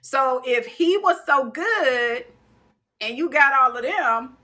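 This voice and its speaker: High bright woman, unhurried and emphatic. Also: lively intonation. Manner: emphatic, storytelling. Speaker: podcast co-host. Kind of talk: casual livestream chat.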